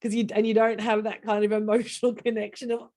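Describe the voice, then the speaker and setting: Woman host, business coach, casual chat, animated storyteller, sits a little high in her range. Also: quick pace. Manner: animated, laughs often while telling stories.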